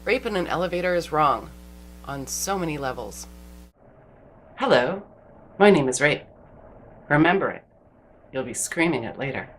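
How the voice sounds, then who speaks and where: A woman host telling rapid-fire dark one-liner jokes in a deadpan delivery. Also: sits low.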